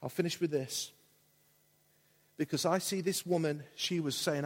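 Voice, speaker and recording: Husky-voiced preacher in reverberant hall. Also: male voice, a little high, normal speed. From England. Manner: impassioned, repetitive preaching. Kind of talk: sermon. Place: large church hall. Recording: long church hall reverb.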